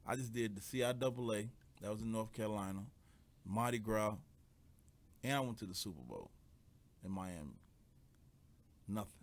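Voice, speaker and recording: A man's voice: fairly low pitch, animated. A man on a radio talk show, talking in an easygoing way. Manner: easygoing, agreeing, quick to laugh. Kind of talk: casual chat.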